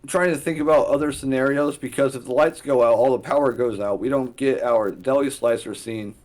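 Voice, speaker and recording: A man co-hosting a podcast, working through ideas out loud. He talks through scenarios step by step in a casual, conversational way. His voice is at a middling pitch for a man. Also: fairly quick. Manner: thinks aloud and steers the story logic. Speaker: podcast co-host. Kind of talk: casual brainstorming chat.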